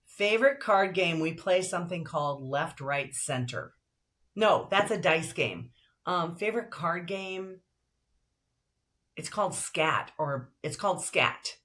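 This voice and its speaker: Woman, deep alto voice, older, lively and upbeat, casual interview guest. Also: a little slow. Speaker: guest, broadcaster and voiceover actress.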